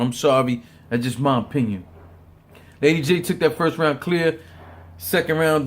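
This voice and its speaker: A man giving casual, profane opinion commentary on a battle rap, stumbling over repeated words and laughing often. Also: a little high.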